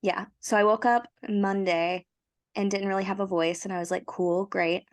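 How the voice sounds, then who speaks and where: A young woman co-hosting a casual podcast, her voice hoarse from a cold, telling her story in a chatty, self-mocking way. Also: mid-range voice, steady tone, brisk. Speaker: podcast co-host. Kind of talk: casual chat.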